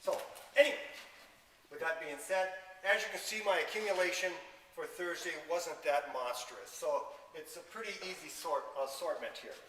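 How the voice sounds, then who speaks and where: A man's voice: a little high, normal speed, fairly bright tone. A man who drives a library delivery van, explaining how he loads his bins and dropping dry sarcastic asides. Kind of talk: explaining his work on camera. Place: inside a delivery van or loading area. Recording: echoey, roomy, from far off.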